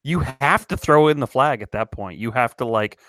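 A man's voice: medium pitch, expressive, moderate pace, fairly bright tone, no room sound, clean studio sound. Wry joking man on a podcast. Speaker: podcast co-host. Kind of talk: casual chat.

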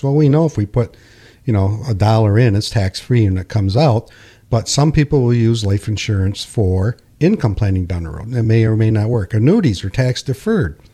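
Mellow-voiced man explaining finances. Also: mid-range voice. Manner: explanatory, steady, plain-spoken. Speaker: financial advisor. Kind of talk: conversational financial radio talk.

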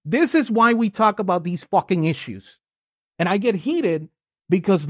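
A man's voice: high-pitched, expressive, moderate pace, fairly bright tone, no room sound, studio quality. An American man co-hosting a political podcast, ranting heatedly and swearing often. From United States. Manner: ranting and profane, voice rising when angry. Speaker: podcast co-host.

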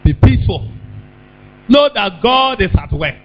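High-pitched preacher with swooping delivery. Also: male voice, very animated, unhurried. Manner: call-and-response preaching, bursts of shouting. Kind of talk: sermon. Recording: dull lo-fi with mains hum.

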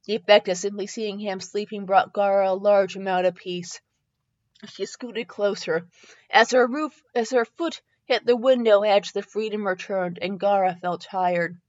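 A woman's voice: mid-range voice, fairly even intonation, measured pace, muffled recording. A woman host reading fan fiction aloud in a comedic dramatic style, tripping over typos and correcting herself with asides.

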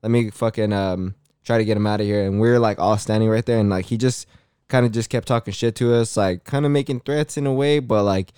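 A low-pitched man with a smooth, resonant voice, recorded dry and close. He tells a story in relaxed, slang-heavy casual chat, swearing freely as he goes. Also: fairly quick, dry recording. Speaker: podcast co-host.

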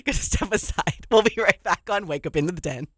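A sports radio host in casual, animated studio chat, emphatic and quick to laugh. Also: female voice, on the low side, dry recording. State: a little out of breath.

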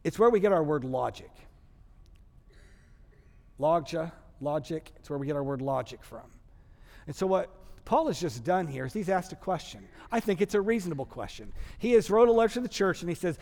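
A Texan man preaches from the pulpit in a high, bright voice. His animated, joking delivery carries through a church sanctuary and rings with a long hall reverb. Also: moderate pace, gravelly. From Texas. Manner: animated, humorous storytelling preacher. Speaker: pastor. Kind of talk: sermon.

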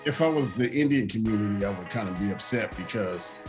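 A man's voice: on the low side, expressive, a little fast, music in the background. A man in a casual movie-review chat, laid-back and a bit hesitant. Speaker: podcast co-host.

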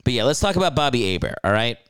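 A young man riffs through a comedic solo podcast in an irreverent, rambling way, swearing freely. His voice swings up and down a lot and stays smooth and clear. The mic is close and the sound is dry. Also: mid-range voice, sing-song, racing, fairly bright tone, no echo. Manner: irreverent, rambling, profane asides. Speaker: podcast host.

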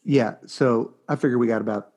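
A middle-aged man co-hosting a casual chat podcast, telling stories in an animated, rambling way. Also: medium pitch, fairly quick. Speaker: podcast co-host.

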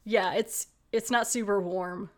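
A woman's voice: mid-range voice, steady tone, a little slow. A woman hosting a casual podcast, playful and laughing often as she reads out credits. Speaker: podcast host.

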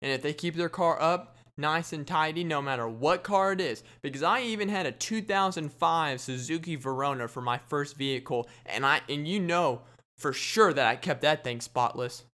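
A man's voice: fairly high pitch, moderate pace, sharp tone. Boastful young podcaster man. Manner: boastful, rambling, jokey gross-out banter. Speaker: podcast host. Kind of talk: solo comedic podcast monologue.

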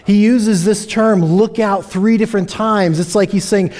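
A man's voice: high-pitched, steady tone, measured pace, hardly any pauses, a little mellow. A man preaching a sermon, earnest and emphatic, often repeating key phrases for weight. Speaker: pastor. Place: church sanctuary.

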